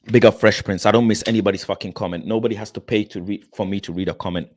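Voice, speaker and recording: A young man chats casually to his viewers on a livestream, reading comments aloud and answering each one. His delivery is animated and expressive, and the dry, close sound of the mic keeps him right up front. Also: fairly low pitch, fast talker, dry recording. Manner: animated, expressive, laughs often, addresses viewers by name. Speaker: livestream host reading chat.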